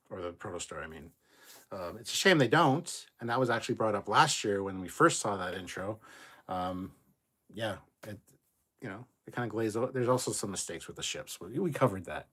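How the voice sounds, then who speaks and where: Reading out chat messages on his livestream, a middle-aged host speaks in a low voice that's fairly bright with a breathy edge. His delivery is relaxed and laid-back, and he cusses without holding back.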